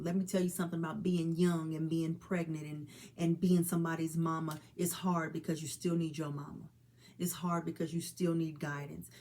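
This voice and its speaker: A woman in her forties, a mother, speaks directly and earnestly to camera about suicide awareness, urging people to help each other and calling her listeners honey and child. Her voice sits low with a darkish tone.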